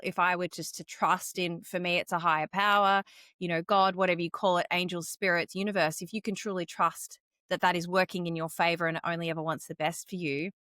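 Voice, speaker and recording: Thoughtful woman podcast host, lowish voice. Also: dry recording, clean studio sound. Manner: warm, curious, thoughtful questions. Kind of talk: interview chat.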